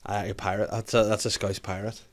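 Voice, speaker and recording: A man's voice: lowish voice, little pitch movement, quick pace. A Northern Irish man hosting a podcast, chatting casually and teasing his guest. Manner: joking, teasing. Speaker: podcast host. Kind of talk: casual chat.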